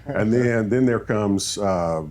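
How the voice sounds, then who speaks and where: A man who coaches football, telling animated stories in a podcast chat and acting out what people said. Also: fairly low pitch, slow, slight background noise. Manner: animated storyteller, acts out quoted talk.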